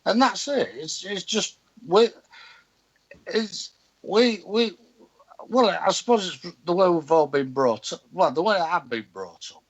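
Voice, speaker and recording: A blunt, outspoken man with a Yorkshire accent from Hull, talking in a loose casual chat. His voice sits fairly high and swings widely in pitch, rising and dropping as he makes his points. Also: lively intonation, a little slow, muffled recording. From Hull, England. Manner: blunt, outspoken, swearing freely.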